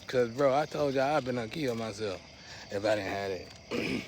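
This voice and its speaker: A man talks straight to his viewers in a loose, rambling monologue full of slang. His voice sits in a middle pitch and keeps surging louder, then dropping low. A faint background noise hums beneath him. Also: moderate pace. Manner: rambling, slangy, restless swings in loudness. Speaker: vlogger.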